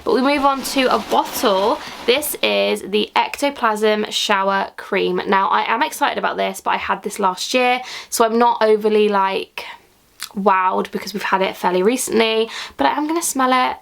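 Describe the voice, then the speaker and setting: A young woman unboxing and reviewing beauty products in a gushing, excitable way, sometimes dropping to a whisper. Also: medium pitch, moderate pace, creaky. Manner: gushing, excitable, drops into whispers when thrilled. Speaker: beauty vlogger. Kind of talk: unboxing vlog, casual chat.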